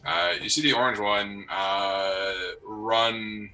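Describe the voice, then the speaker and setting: A man narrating a tabletop game as game master, halting with many ums and uhs. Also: lowish voice, vocal fry, sharp tone, soft background music, rough recording.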